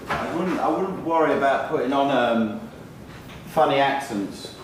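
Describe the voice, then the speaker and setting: A man's voice: mid-range voice, expressive, a little slow, slight background noise. A musician arguing behind the scenes, earnest and emphatic as he explains himself. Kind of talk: heated behind-the-scenes argument. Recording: echoey room, distant mic.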